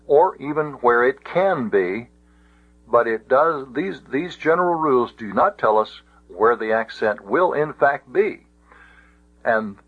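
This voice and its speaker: A man teaching a Greek grammar lesson, speaking deliberately with frequent restarts. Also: medium pitch, fairly bright tone, husky. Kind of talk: classroom lecture. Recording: dull lo-fi audio.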